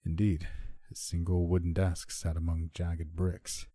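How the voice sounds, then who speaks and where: A man narrates a horror story in a low, husky voice, keeping it measured and subdued. His tone is dark and mellow, and the sound is close and dry. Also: completely flat delivery, no echo. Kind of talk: scripted first-person horror narration.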